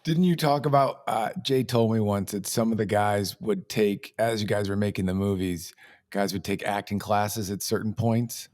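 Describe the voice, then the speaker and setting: A man co-hosting a podcast, asking curious questions and reacting quickly. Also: lowish voice, a little mellow. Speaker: podcast co-host. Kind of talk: casual podcast interview.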